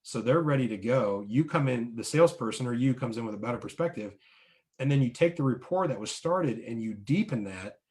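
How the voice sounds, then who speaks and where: A man in the middle of a sales coaching talk, his voice at an ordinary pitch for a man. He lays out points one by one and keeps checking in with his listeners. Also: animated, brisk, a little mellow. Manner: coaching, often ends points with "right?"; explains with numbered steps and analogies. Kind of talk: instructional talk to business owners.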